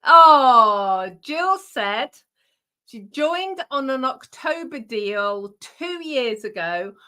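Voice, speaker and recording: A woman's voice: high voice, sing-song, extremely slow, pushed and bright, clear, resonant tone. Chatty woman hosting a craft show. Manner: chatty, laughing, with many ums and restarts. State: out of breath. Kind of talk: casual live chat with viewers.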